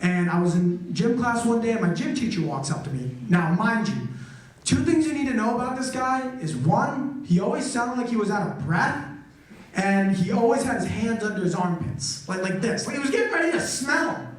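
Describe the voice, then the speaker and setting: High-voiced man doing loud stand-up. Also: normal speed. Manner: loud, animated storytelling with acted-out quotes. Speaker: stand-up comedian. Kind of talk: stand-up comedy set. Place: college theater stage with audience. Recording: echoey live venue, mic from a distance.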